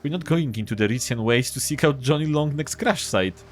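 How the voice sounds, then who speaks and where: A gameplay streamer thinks out loud and reads game text while playing a role-playing game, in casual let's-play commentary. His medium-pitched voice is expressive and brisk, with faint music in the background.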